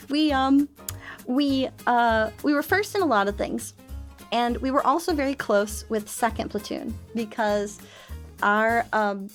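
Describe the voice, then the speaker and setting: Bubbly high-voiced young woman streamer. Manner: bubbly and self-mocking, laughs often. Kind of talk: casual chat.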